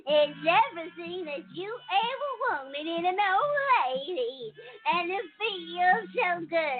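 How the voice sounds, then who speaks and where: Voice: extremely high pitch, full character voice. A voicemail caller voicing a lewd, teasing old woman named Granny in a sing-song, exaggerated way. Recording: tinny phone line.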